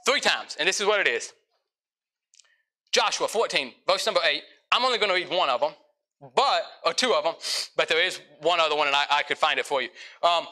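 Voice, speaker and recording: A young man preaching to a church congregation with a high, sharply bright voice. He is animated, playing out little exchanges with his listeners in quick changes of voice. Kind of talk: sermon.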